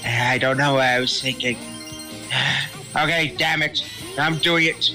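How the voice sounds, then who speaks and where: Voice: mid-range voice, steady tone, slow pace, long pauses, music in the background. A co-host chatting casually and teasing with a wry tone. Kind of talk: casual chat.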